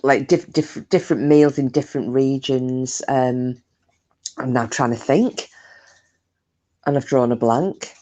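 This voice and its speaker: A woman's voice: extremely low pitch, a little slow, long pauses, mellow, dull audio. A woman chatting casually with her live stream viewers, talkative and self-mocking, swearing freely.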